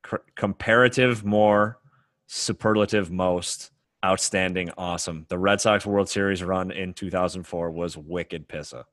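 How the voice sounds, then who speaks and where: A man's voice: low voice, steady tone, measured pace, fairly bright tone, dry recording. A man from upstate New York, a podcast host joking in casual chat and laughing often.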